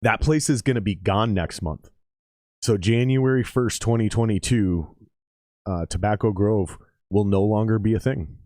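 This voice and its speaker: Profane, excitable man streaming football commentary. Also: fairly low pitch, normal speed, no room sound, studio quality. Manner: profane, excitable, chatty with his viewers. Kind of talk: casual live-stream commentary.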